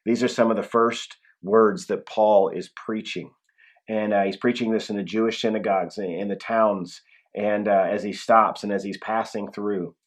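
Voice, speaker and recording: A man's voice: lowish voice, fairly even intonation, moderate pace. A man preaching a conversational sermon as pastor, with frequent restarts and emphatic drops in his voice.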